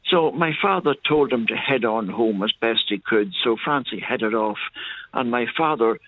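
A man's voice: fairly low pitch, dry recording. Older Irish man telling a story on the phone. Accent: Irish, County Monaghan. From Ireland. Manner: unhurried, detailed storyteller who digresses. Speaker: caller. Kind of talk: telling a story on a radio call. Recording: tinny phone line.

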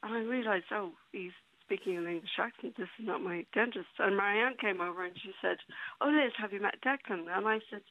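A woman writer telling a lively anecdote in a radio interview, acting out the dialogue. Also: mid-range voice, fairly quick. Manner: lively storyteller, acts out the dialogue. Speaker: guest writer. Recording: tinny phone-like line.

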